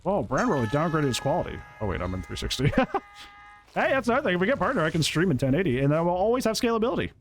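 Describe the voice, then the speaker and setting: A gaming YouTuber gives live, casual, jokey commentary while playing a video game, talking to the players on screen and laughing and swearing a lot. His slightly high voice is sing-song and rapid-fire, with faint music in the background.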